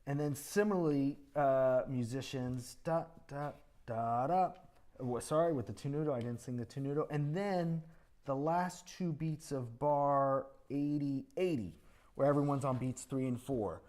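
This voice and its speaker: A man's voice: on the high side, moderate pace, a little mellow. A man teaching a composition master class, coaching a student at a rehearsal, often singing rhythms aloud to show how a passage should sound. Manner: encouraging, sings rhythms aloud to show phrasing. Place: music school rehearsal room with an ensemble.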